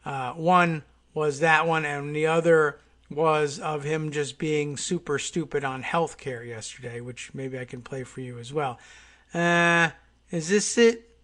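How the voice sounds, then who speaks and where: A man talks through the news on his own podcast with a slightly raised pitch. He rambles with plenty of "uh"s and restarts and keeps a dry, wry edge. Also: a little slow, a bit bright. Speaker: podcast host. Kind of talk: casual political commentary.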